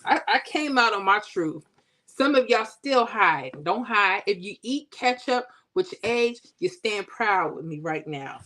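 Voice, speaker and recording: A woman hosting a casual livestream, chatting with viewers and teasing them in a playful, animated way. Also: mid-range voice, unhurried. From Florida. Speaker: livestream host. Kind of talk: casual chat with live viewers.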